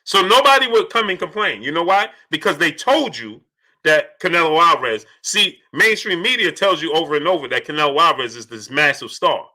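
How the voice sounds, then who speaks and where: A man hosting a boxing livestream, asking rhetorical questions over and over and giving shout-outs to the viewers in the chat. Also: on the high side, lively intonation, a little fast. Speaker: boxing channel host. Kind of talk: livestream commentary, reading chat.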